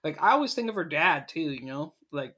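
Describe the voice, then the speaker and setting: A young adult podcast co-host in casual chat, arguing emphatically, with the voice leaping up when pressed. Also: brisk. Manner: animated, argues emphatically with big pitch jumps.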